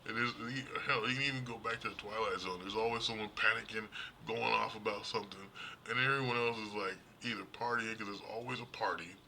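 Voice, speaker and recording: A man streaming live, chatting casually and animatedly about movies, laughing often and acting out characters in high voices. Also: steady tone, a little fast, gravelly, bright, forceful tone, slight background noise. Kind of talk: casual rambling movie talk.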